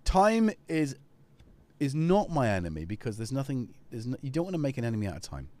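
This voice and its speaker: A man's voice: medium pitch, huge pitch swings, brisk, mellow. A man hosting a casual live stream, rambling and chatty as he talks to viewers and his cat.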